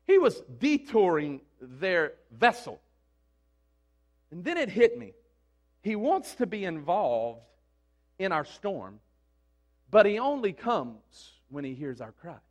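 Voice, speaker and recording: A man's voice: high voice, sing-song, slow, pauses often. A man preaching a sermon in an emphatic, conversational way, often asking his listeners questions.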